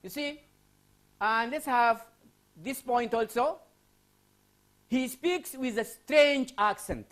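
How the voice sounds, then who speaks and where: A man's voice: very high voice, slow, long pauses, a bit bright. A man from Sudan lecturing a class on English writing, asking students questions and repeating key phrases.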